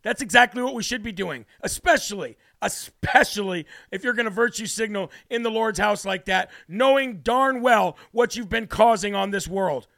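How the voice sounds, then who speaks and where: A man hosts a political talk show in a brash, preachy style. His voice sits high for a man and has a gravelly rasp. He also tells personal stories at length. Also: normal speed, hardly any pauses, pushed and bright. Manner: brash and preachy, then storytelling. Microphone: studio mic.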